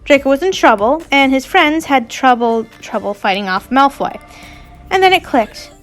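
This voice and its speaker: A woman's voice: high-pitched, expressive, moderate pace, soft background music. A woman reading fanfiction aloud, breaking off into giggly, casual asides and swearing freely. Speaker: fanfiction reader.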